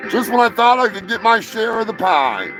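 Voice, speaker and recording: A man hosting a live show, rambling and joking crudely in casual chat, sounding high. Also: sing-song, normal speed, music in the background, poor audio. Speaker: host.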